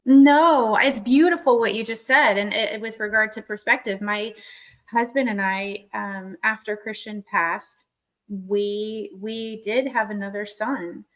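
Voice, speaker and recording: A woman's voice: medium pitch, a little slow, fairly bright tone. Young woman, heartfelt guest. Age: young adult. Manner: heartfelt, reflective. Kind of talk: candid conversation.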